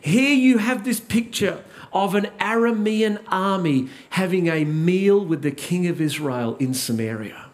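A man's voice: a little high, a little mellow. A man preaching a sermon, asking rhetorical questions and repeating key lines for emphasis.

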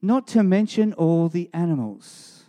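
A man's voice: high-pitched, unhurried, lo-fi sound. Emphatic male preacher. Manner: emphatic, rising to animated storytelling. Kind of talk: sermon.

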